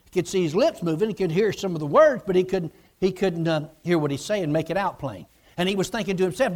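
A man delivers a sermon in a fairly high voice. He retells a story with emphasis and repeats his key phrases. His style is steady pulpit storytelling. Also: a little fast. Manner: emphatic and repetitive, retelling a vision with quoted dialogue. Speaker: preacher.

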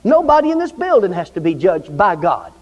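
A man's voice: high-pitched, huge pitch swings, fairly quick. A man preaching a sermon in a church, fervent and repetitive, often calling out for amens. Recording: dull lo-fi recording with long church reverb.

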